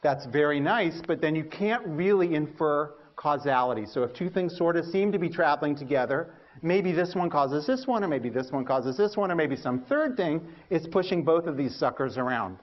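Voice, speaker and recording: A male lecturer with a fairly high voice tells anecdotes about his early research in an animated style, mocking himself and acting out what he used to think. The recording sounds a little muffled. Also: normal speed, few pauses. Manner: animated storytelling, acts out his past thoughts; self-mocking humor. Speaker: university lecturer.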